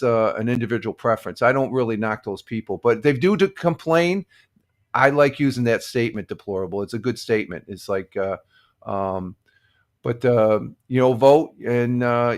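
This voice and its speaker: An older man from upstate New York hosting a casual morning livestream, rambling with many fillers and restarts while greeting viewers by name. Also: fairly low pitch. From United States. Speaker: livestream host. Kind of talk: casual chat with chat readers.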